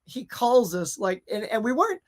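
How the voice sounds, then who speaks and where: A man from Louisiana hosting a casual pop culture live stream, animated and jokey as he reads out viewer comments. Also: very high voice, moderate pace. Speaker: host.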